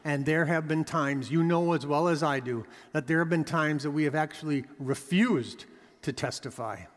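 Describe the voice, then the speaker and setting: A male pastor preaching a sermon, his somewhat high voice climbing for emphasis and then falling to a hush. He leans hard on repeated phrases in a lively, pointed delivery. The sound hangs in a long reverb, as in a large church. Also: normal speed. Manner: emphatic preaching, rising and dropping for effect.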